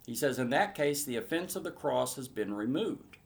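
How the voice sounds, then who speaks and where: Male Bible teacher, mid-pitched, earnest verse-by-verse teaching with emphatic peaks. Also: animated, normal speed, creaky. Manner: earnest, building to emphatic bursts.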